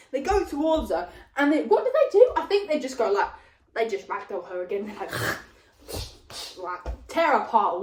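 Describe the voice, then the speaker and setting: A young woman, casually retelling a film's plot in a rambling, animated way, full of fillers. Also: sits high, distant mic. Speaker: vlogger retelling a film plot. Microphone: phone propped up at a distance. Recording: roomy, voice off the phone mic.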